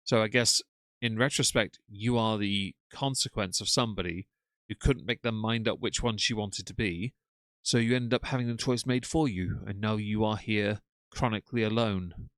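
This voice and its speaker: A low-pitched man talks over a live stream in a sarcastic, mocking tone. His voice sits close and dry, with no room sound around it. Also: normal speed, fairly bright tone, dry recording. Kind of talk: casual live-stream commentary.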